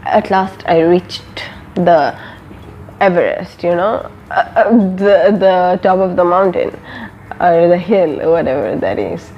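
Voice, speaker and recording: A woman's voice: fairly low pitch, expressive, slow pace, highs cut off, a little hiss or hum. A young woman from an Arab country, a vlogger telling a personal story in a casual, rambling way full of fillers and restarts.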